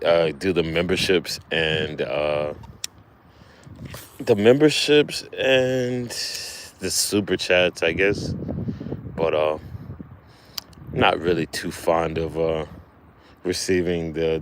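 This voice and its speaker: Low-voiced man chatting outdoors, halting. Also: slight background noise. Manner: relaxed, halting, lots of fillers and restarts. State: a little out of breath. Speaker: livestream host. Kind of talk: casual livestream chat. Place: outdoors by the water while fishing.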